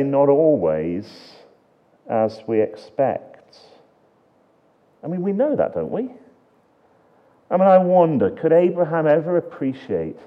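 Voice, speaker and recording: A man preaching a sermon, earnest and full of rhetorical questions, swinging between emphatic lines and hushed ones. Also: medium pitch, lo-fi sound.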